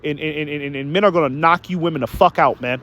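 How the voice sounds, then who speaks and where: Male online preacher, slightly high pitch, emphatic and repetitive, stumbles on words while reading verses. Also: quick pace, a bit bright, lo-fi sound. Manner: emphatic, keeps asking "okay?" and "man". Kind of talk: preaching rant with scripture reading.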